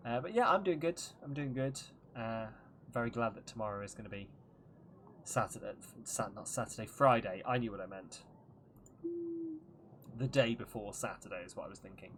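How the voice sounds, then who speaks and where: A man's voice: on the low side, animated, moderate pace, slight background noise. Chatty young man streaming. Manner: chatty, self-correcting, swears freely. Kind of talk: casual live-stream chat while gaming.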